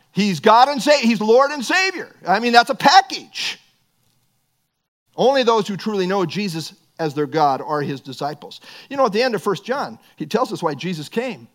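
A man's voice: very high-pitched, fairly bright tone. A middle-aged man preaching a sermon as pastor, earnest and building to emphatic bursts.

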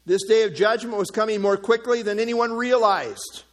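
A man with a fairly high voice preaches an expository sermon. He teaches earnestly, reads scripture aloud and drops in informal asides. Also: moderate pace. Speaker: pastor.

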